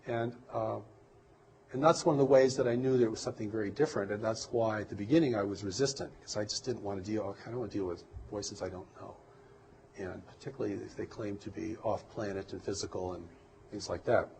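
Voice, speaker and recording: Male interview guest, low voice, slow and reflective delivery, faint noise floor. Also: steady tone, gravelly, a little mellow, rough recording. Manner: measured, reflective, halting. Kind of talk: earnest interview conversation.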